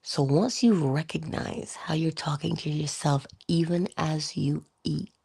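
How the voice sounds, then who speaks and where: Low gravelly motivational woman speaker. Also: steady tone, measured pace, dark tone. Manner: conversational, asks rhetorical questions. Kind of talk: inspirational talk.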